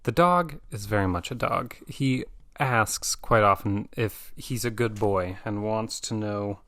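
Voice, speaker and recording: A man's voice: on the low side, measured pace, fairly bright tone, dry recording, studio quality. A man reviewing comics in a casual chat, explaining the story with many fillers.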